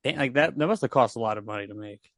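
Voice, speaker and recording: A man chatting about a film on a podcast, animated, laughing often and pointing out shots and effects. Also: medium pitch, quick pace, no room sound, clean studio sound. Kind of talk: casual film discussion.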